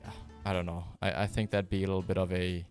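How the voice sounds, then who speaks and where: A man with a lowish voice whose first language is German chats loosely with his stream viewers. His delivery stays fairly flat and even, and it wanders with fillers and restarts. Soft guitar music plays faintly behind him. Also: fast. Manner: relaxed, rambling, with many fillers and restarts. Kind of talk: casual live-stream chat answering viewers.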